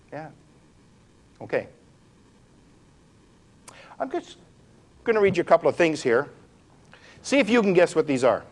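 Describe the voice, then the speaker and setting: A man presenting a workshop to a room of people, animated and demonstrative, swinging his pitch and pace to show different ways of talking. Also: moderate pace, long pauses. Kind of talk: live workshop talk to a room. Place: room with a live audience.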